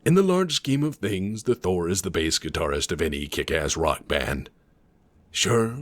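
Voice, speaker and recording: A low-pitched man narrates with an animated, swinging delivery, and he is irreverent and profane in his scripted commentary. Faint music plays underneath. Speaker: lore video narrator.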